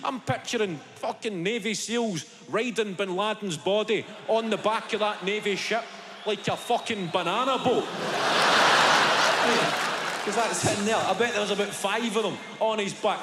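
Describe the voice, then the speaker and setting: A man in his twenties with a Glaswegian Scottish accent, doing a stand-up routine and telling stories in an animated, profane way. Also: sits high, unhurried, a loud crowd, heavy background noise. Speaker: stand-up comedian. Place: live venue on stage. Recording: long hall reverb, loud ambience.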